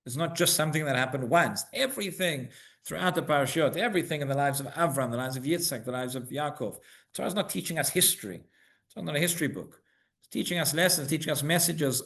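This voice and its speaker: A man's voice: on the high side, animated, quick pace, gravelly, fairly bright tone. A man teaching the weekly Torah portion to a congregation in a synagogue. He keeps asking rhetorical questions, checks in with "right?", and repeats words as he builds each point.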